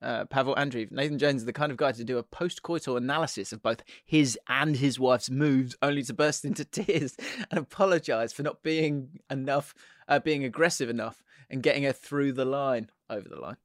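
A man's voice: mid-range voice, fairly quick, no room sound, clean studio sound. A man co-hosting a podcast in casual football chat, rambling and giggling, often trailing off mid-sentence. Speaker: podcast co-host.

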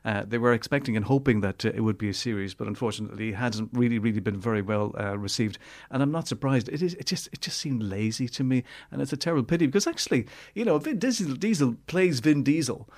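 A man's voice: medium pitch, fast talker, hardly any pauses, darkish tone. A man reviewing films in casual chat, rambling and hesitant with many fillers. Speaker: film reviewer.

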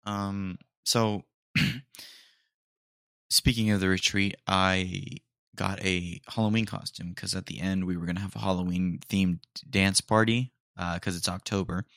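A young man hosting a podcast, chatting casually and rambling, his voice a little hoarse. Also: low voice, unhurried, no room sound, clean studio sound. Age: young adult. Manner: rambling, relaxed, many fillers. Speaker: podcast host. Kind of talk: casual solo chat.

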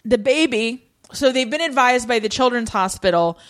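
A woman with a fairly high voice chats casually while recapping a TV episode. She tells it with lively energy and acts out characters in playful voices. She laughs and swears easily along the way. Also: moderate pace. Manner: animated storytelling, acting out lines in playful voices. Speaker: podcast co-host recapping a TV episode. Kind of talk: casual chat.

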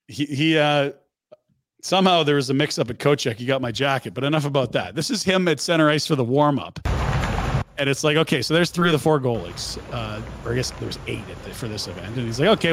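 Animated laughing man, dry close sound. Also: medium pitch, fairly quick, dry recording. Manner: animated, laughing, narrating photos. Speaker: podcast co-host. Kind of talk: casual sports talk.

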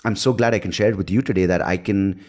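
A man's voice: sits low, steady tone, fast, a little mellow. A man who hosts a podcast and does comedy, telling stories in a loose, casual chat full of restarts. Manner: loose storytelling with laughs and restarts.

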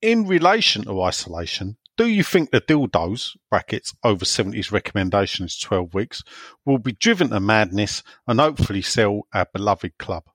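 Lively joking man hosting. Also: on the low side, moderate pace, no echo. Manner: jokey, reads listener questions aloud. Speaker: podcast host. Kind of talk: casual podcast chat.

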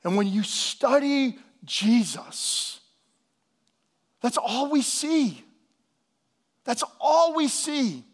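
A man's voice: very high voice, drawn-out words, long pauses. Fervent preacher man in his fifties. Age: 50s. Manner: animated preaching, drops to soft hushed tones for emphasis; calls out to the congregation for responses. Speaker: pastor. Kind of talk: sermon.

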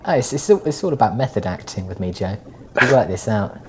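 A woman's voice: rumbling low, sing-song, brisk, a little hiss or hum. A sleep-deprived woman co-hosting a podcast in casual chat, with a dry, self-mocking sense of humour. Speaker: podcast co-host.

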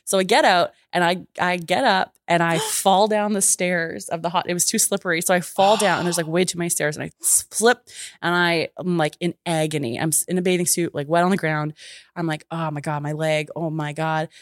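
A woman's voice: on the low side, a little fast, no room sound, clean studio sound. A young woman in her twenties from Canada, telling a wild personal story in casual podcast chat, laughing often and swearing freely. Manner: laughing, profane, animated storytelling. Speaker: guest storyteller.

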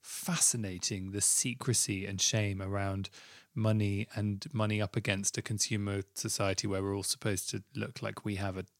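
A man's voice: on the low side, flat delivery, normal speed, dry recording, studio quality. A man hosting a podcast interview, talking in an effusive, rambling way with many restarts. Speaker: podcast host. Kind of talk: casual interview and outro.

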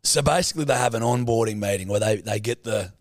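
An Australian man co-hosts a podcast in a fairly low voice at a quick pace. The talk is casual chat, peppered with swearing and laughter.

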